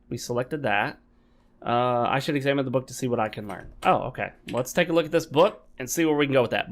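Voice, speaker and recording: Man with a mid-range voice, gaming host who rambles chattily to viewers between moves. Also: medium pitch. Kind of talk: casual gameplay commentary. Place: home gaming desk.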